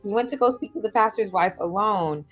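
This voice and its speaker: Woman, casual livestream talk, laughs a lot, squeaky voice for quotes, faint music behind. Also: fairly quick. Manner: animated, laughs often, jumps to a squeaky high voice when acting out people. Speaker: host of a self-help livestream. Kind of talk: casual live-stream chat, advice and storytelling. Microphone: video call or stream mic.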